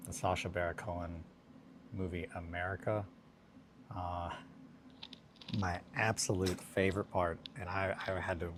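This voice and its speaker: A man's voice: sits low, a little hiss or hum. A man hosting a casual hobby livestream, chatting in a rambling, self-deprecating way and laughing often while he works. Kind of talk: casual chat while crafting.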